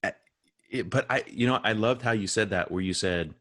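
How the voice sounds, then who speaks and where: A man hosts a casual podcast interview, upbeat and friendly. His voice sits on the low side, and he drops in "dude" and quick reactions. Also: fairly bright tone. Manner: friendly, enthusiastic, says "dude". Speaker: podcast host.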